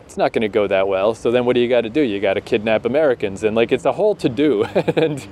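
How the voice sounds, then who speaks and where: Canadian man, animated casual chat. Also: medium pitch, a little hiss or hum. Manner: animated, laughs often, slows down to make a point. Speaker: podcast co-host.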